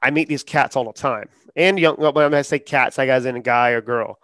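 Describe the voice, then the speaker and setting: A man talking casually as a podcast guest, acting out quotes in lively storytelling. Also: mid-range voice, normal speed, no echo, clean studio sound. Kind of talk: casual interview talk.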